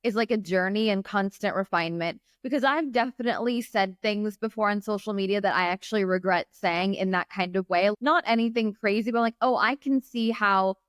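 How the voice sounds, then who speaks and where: A woman's voice: mid-range voice, fairly quick, hardly any pauses, clean tone, no room sound, clean studio sound. A woman guest on a podcast, a business mentor talking in an earnest, reflective way with lots of "like". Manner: reflective, earnest, filler-heavy with "like". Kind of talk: casual interview chat.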